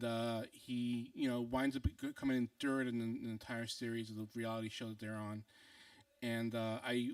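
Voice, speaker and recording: Young guy telling a funny story to a crowd, bouncy voice with gravelly edges, acts out everyone, lots of ums, dry sound, mic kinda far off. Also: mid-range voice, no room sound. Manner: animated, acts out other people's lines, many fillers and restarts. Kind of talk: comic personal storytelling to an audience.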